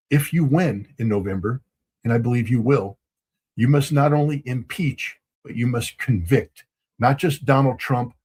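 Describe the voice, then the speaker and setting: A man giving measured political commentary in a formal, grave, emphatic way, with some filler ums. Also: medium pitch.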